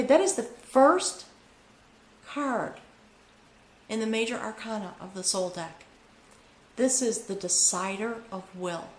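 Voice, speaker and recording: A woman giving a spiritual tarot reading, earnest and full of pauses, often checking in with "okay?". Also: medium pitch, slight background noise. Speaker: tarot reader. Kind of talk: spoken tarot reading to camera. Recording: echoey room with faint ambience.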